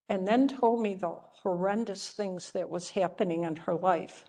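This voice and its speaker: An older woman, a religious sister, teaching a class through stories in a gentle, chatty way, often checking in with her listeners. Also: mid-range voice, steady tone, moderate pace, hardly any pauses. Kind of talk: storytelling lecture to a class.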